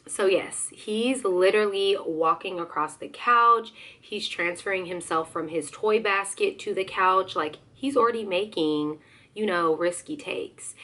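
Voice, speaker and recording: A young woman vlogging in a casual, animated way, her voice hoarse. She sits a little low in pitch and keeps up a lively, chatty flow with playful asides. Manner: chatty, animated, slips into excited quoted voices. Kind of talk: casual chat.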